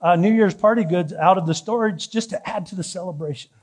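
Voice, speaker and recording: Higher-voiced man telling a sermon story. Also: brisk. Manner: animated, joking personal storytelling with laughter. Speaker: pastor. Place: church.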